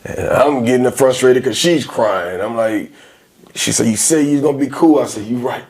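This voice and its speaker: A man's voice: medium pitch, moderate pace. A man in his forties, a guest in a casual interview, telling his stories with emphasis and energy. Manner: emphatic, animated storytelling.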